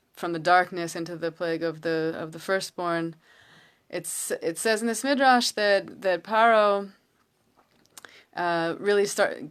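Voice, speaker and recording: A woman with a fairly low voice gives an informal Torah talk from home. She tells the story earnestly, pausing and restarting her phrases as she goes. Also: clear, resonant tone. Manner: earnest, halting, many restarts. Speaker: Torah teacher.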